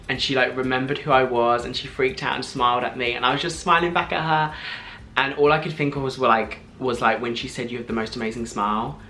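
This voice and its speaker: A man in his twenties, telling a story to camera in an excited, gushing way, full of "like" and breathless restarts. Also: mid-range voice. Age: 20s. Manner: gushing, fast, filler-heavy with frequent "like". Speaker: vlogger.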